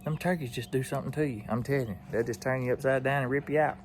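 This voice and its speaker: A man's voice: medium pitch, quick pace, a little hiss or hum. A young man chatting casually in an outdoors vlog, laughing often, folksy. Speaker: outdoors vlogger.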